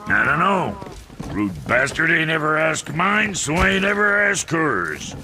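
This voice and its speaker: A foul-mouthed dwarf smith in a video game who grumbles and swears. His gravelly voice sits high and leaps wildly up and down while he talks slowly. A game score plays clearly behind him. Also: very animated, background noise. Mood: gruff. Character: crude foul-mouthed dwarf blacksmith, cranky. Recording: game audio with music.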